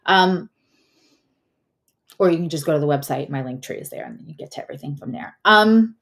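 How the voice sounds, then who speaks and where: A woman's voice: deep voice, animated, a little fast, fairly bright tone. A woman giving a casual astrology and tarot reading, chatty and rambling, often correcting herself mid-sentence.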